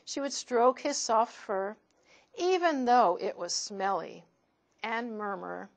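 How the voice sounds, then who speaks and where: A woman storyteller reading picture books aloud to children in an expressive voice. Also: a little high, slow pace, creaky.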